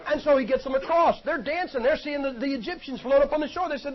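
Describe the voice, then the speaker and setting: A man delivers a sermon in a folksy, joking, conversational style. His voice sits very high for a man. The recording is dull and lo-fi. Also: rapid-fire, few pauses. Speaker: preacher.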